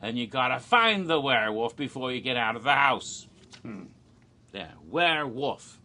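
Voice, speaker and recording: A man joking his way through a rambling, deadpan comedic monologue, with frequent restarts. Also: mid-range voice, moderate pace. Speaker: video creator. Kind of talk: comedic monologue of made-up haunted houses.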